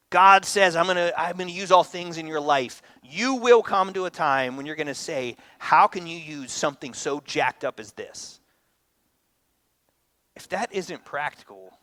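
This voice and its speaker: A pastor in his thirties giving a conversational sermon, acting out quotes with lively energy. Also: on the high side, dry recording. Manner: conversational, animated, acts out quotes.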